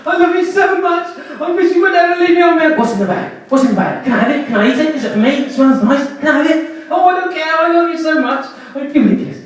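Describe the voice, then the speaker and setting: A man voicing an overexcited, needy pet dog in a stand-up routine, with shrill, gushing, breathless repetition. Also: lively intonation, quick pace, hardly any pauses. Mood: greedy begging. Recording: echoey club room, distant mic.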